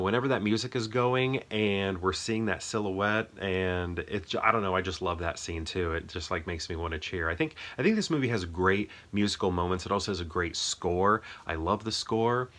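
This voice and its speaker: A man's voice: on the low side, normal speed, few pauses, a bit bright. A man chatting casually and enthusiastically about a favorite film, rambling with frequent restarts. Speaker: movie review host.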